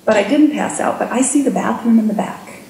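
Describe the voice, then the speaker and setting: Higher-voiced woman telling a keynote story. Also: brisk, slight background noise. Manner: animated storyteller who acts out inner voices. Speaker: keynote speaker. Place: conference room with an audience. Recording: echoey room with faint ambience.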